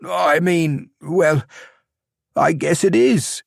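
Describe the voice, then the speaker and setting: A man's voice: on the high side, very slow, vocal fry, no room sound, studio quality, voice pushed up, heavily acted. A man voicing a frightened young male soldier who stammers and pleads. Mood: nervous, desperate.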